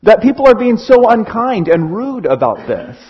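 Lively, husky-voiced male preacher. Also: high voice, normal speed, lo-fi sound. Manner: animated, acts out little scenes. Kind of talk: sermon.

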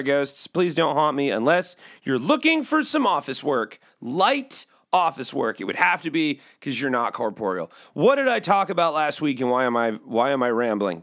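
Rambling joking man, lively pitch. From Chicago. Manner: joking, self-interrupting, trails off. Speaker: host. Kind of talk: rambling casual monologue.

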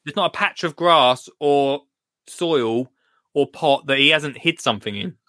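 A man's voice: on the high side, unhurried, pushed and bright, dry recording, clean studio sound. A British man hosting a live gardening stream, chatting casually, joking and laughing as he reads out viewer comments. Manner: jokey, laughs often, reads comments aloud. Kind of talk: casual chat.

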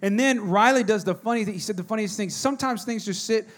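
A man in his thirties preaches a sermon in a casual, storytelling way. His voice sits high for a man, and he often restarts his sentences as he talks. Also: fast. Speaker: pastor.

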